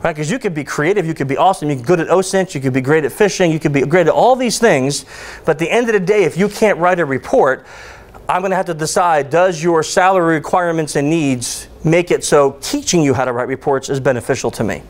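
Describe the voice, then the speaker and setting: A man's voice: fairly high pitch, fast talker. A man giving a conference talk, joking and ranting as he tells stories to the audience. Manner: joking, ranting, animated storytelling. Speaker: conference speaker. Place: conference hall.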